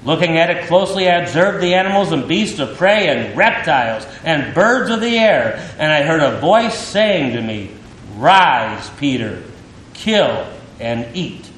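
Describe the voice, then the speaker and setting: In an echoey room with a faint rumble, a preacher works through a Bible passage in his sermon, delivering it emphatically and animatedly with dramatic pauses.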